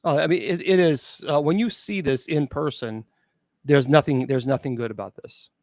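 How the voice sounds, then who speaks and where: A man, a bishop and exorcist, telling a spooky true story at an open mic, halting with restarts and incredulous asides. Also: on the high side, a little mellow, no room sound, clean studio sound. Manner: halting, with many restarts and fillers.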